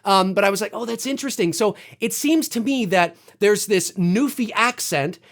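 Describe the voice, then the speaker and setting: A Canadian man from Toronto, venting his pet peeves in a casual, animated, occasionally profane rant to his viewers. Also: high-pitched, normal speed. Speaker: vlogger.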